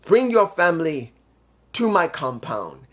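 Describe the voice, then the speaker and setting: A man putting on the voice of a boastful male wrestler, declaiming a theatrical promo with sudden loud rises. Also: fairly high pitch, very animated, measured pace. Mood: grandiose.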